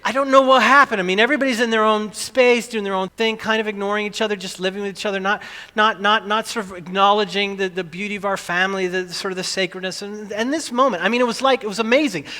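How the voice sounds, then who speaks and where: A middle-aged male pastor tells a family story from the pulpit with lively, animated energy, acting out screams as he goes. His voice is high-pitched and very bright. The sound carries a long reverb, like a big hall. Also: fast talker. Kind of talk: sermon.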